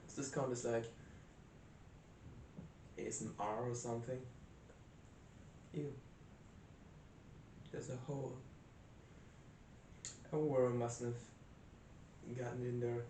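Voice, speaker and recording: A man's voice: medium pitch, darkish tone, reverberant, far from the mic, a little hiss or hum. A young man rambling casually in a vlog, hesitant, with many restarts and fillers, in a small room. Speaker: vlogger. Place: small room indoors by a window. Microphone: camera set up close in a cramped room.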